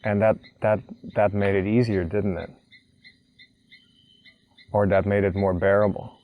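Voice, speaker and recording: A young man telling an emotional personal story, halting and repeating words as he chokes up with tears. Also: fairly low pitch, level tone, narrow, tinny audio. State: tearful. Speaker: vlogger.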